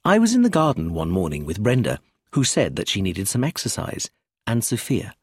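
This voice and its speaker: Male narrator, scripted audiobook reading, husky voice, dry recording. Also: on the low side, moderate pace, no room sound. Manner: lively, expressive reading.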